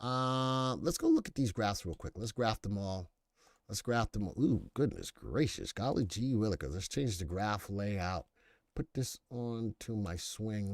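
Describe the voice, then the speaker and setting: In clean studio audio with no echo, a medium-pitched man runs casual live market commentary on his stock analysis stream. He's playful, reading viewers' chat messages aloud and joking between picks.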